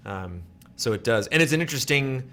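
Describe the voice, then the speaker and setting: A man's voice: mid-range voice, animated, fairly quick, sharp tone, slight background noise. A man chatting casually on a game livestream, rambling with many likes and restarts.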